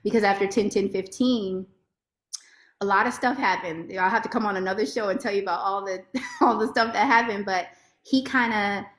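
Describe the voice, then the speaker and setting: A woman lawyer giving a heartfelt, expressive personal testimony as a podcast guest. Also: mid-range voice, moderate pace. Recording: roomy echo.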